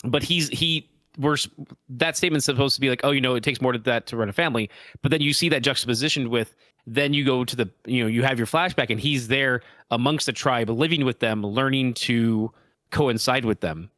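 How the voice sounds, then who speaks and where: A man's voice: mid-range voice, brisk, a bit bright, no echo. A man co-hosting a podcast, working through his thoughts in a casual, searching way. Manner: thoughtful, searching for words, many fillers. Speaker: podcast co-host. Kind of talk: casual chat.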